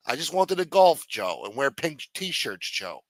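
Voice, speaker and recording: A man's voice: fairly high pitch, very animated, unhurried, a bit bright, dry recording, exaggerated voice. A man putting on the voice of a whiny young man who has just been jailed and threatens to snitch. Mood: whining. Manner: whining, pleading, sarcastic.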